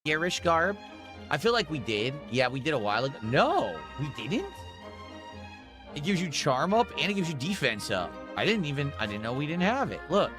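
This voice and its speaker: A man's voice: fairly high pitch, sing-song, moderate pace, over music. A man giving casual commentary while playing a video game, sometimes slipping into a mock French accent for the characters.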